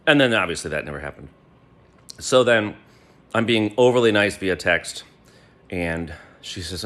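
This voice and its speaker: A man telling a personal story to a friend, animated and swearing freely. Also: lowish voice, unhurried, pauses often. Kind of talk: gleeful personal anecdote.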